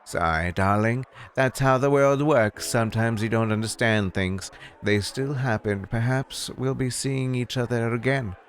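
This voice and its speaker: A man's voice: mid-range voice, measured pace, few pauses, voice pushed up, natural voice. A man voicing a haughty, flirtatious woman nightclub owner in a game, with a drawling, affected manner. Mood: cold. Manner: drawling, affected, says "darling". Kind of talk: reading game dialogue aloud.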